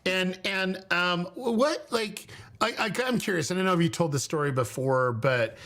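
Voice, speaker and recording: Halting man hosting a livestream chat. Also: high voice, a bit bright. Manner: halting, many restarts and fillers, friendly laughs. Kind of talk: casual livestream interview.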